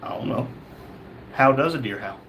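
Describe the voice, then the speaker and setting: A man hosting a live stream, reading viewers' chat messages aloud and answering them in a relaxed, chatty way. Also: medium pitch, moderate pace, slight background noise. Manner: reads chat names aloud, chatty and easygoing. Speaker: livestream host reading chat.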